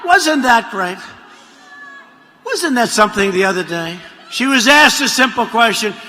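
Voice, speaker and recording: A man giving a campaign rally speech, rambling and mocking, repeating himself and breaking into shouts. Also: very high voice, animated, a little slow, a little hiss or hum. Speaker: politician addressing a rally. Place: large rally venue. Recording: long arena reverb, faint crowd ambience.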